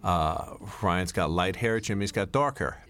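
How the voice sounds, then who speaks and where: A man's voice: low-pitched, lively intonation, a little slow, a bit bright, clear, resonant tone. A middle-aged man giving a rambling film commentary as director, full of fillers and restarts. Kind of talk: DVD commentary.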